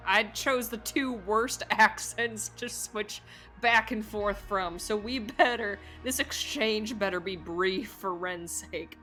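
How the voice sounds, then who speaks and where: A woman's voice: mid-range voice, slow, bright, forceful tone, faint music behind. A woman streamer joking and laughing as she comments live on a story game.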